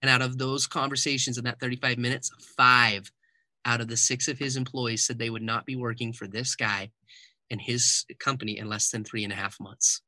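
Male interview guest, lively storyteller, very bright tone, dry close sound. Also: medium pitch, brisk, dry recording. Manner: animated storyteller who acts out quoted dialogue. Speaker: guest, keynote speaker and author.

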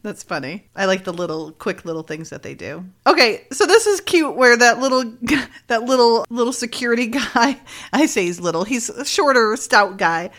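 A woman's voice: on the high side, lively intonation, moderate pace, fairly bright tone. A woman hosting a casual chat about a TV episode, retelling scenes and laughing often. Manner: retells scenes, acting out the characters' lines. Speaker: show-watching podcast host.

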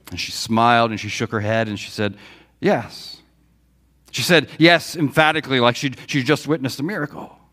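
A man's voice: mid-range voice, bright, forceful tone. A man pastor preaching a sermon, telling a personal story and a Bible story, quoting dialogue with feeling. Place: church sanctuary.

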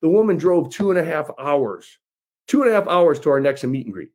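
A man's voice: fairly high pitch, very animated, a little fast, darkish tone. A man running for office, speaking to his followers in a folksy, emphatic way and repeating phrases for effect. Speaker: political candidate. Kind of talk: campaign address to followers.

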